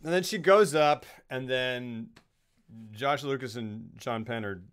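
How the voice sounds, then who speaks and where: A man's voice: mid-range voice, measured pace, a bit bright, clean tone. A man co-hosting a podcast, animatedly retelling a film's plot in casual chat and swearing freely. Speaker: podcast co-host. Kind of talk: casual movie-recap chat.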